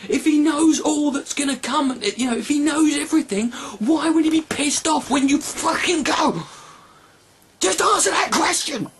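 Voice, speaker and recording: A young man, a video blogger, delivering a sarcastic, profane rant with animated outbursts. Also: very high-pitched.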